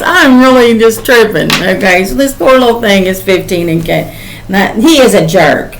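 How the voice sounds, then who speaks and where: A woman's voice: mid-range voice, expressive, moderate pace, gravelly, a little hiss or hum, poor audio. An older woman, a psychic channeler, giving a casual spoken reading in a rambling, emotional way with many "um"s.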